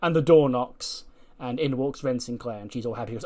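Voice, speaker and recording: A man's voice: medium pitch, fairly quick, mellow. A man giving casual, chatty let's-play commentary on a game, swearing now and then. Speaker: gaming video creator.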